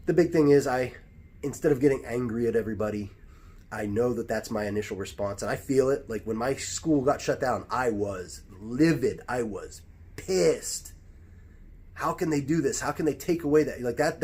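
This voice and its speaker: This is casual advice talk from a man in the United States who teaches jiu-jitsu, musing on life lessons conversationally and frequently starting over. His voice sits on the low side with a darkish tone, and there's slight background noise.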